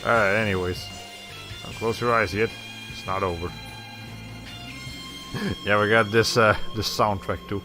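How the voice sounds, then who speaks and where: A man's voice: fairly low pitch, steady tone, unhurried, pauses often, over music. A man giving casual, rambling commentary while playing a video game. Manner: rambling, self-correcting, chuckling. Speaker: streamer. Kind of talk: casual let's play commentary.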